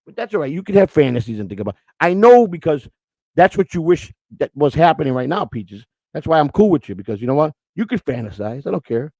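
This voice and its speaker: Mellow-voiced man rambling on a livestream. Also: fairly high pitch, big pitch swings, a little fast, vocal fry, dry recording. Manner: rambling, repeats himself, playfully teasing viewers. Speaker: livestreamer reading viewer super chats. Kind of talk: casual livestream chat.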